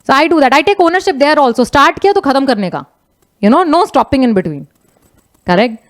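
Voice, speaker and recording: A woman's voice: high-pitched, rapid-fire. A middle-aged woman with an Indian English accent giving a chatty motivational talk, slipping into Hindi phrases. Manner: animated, conversational, mixes Hindi phrases. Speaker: motivational speaker, business leader.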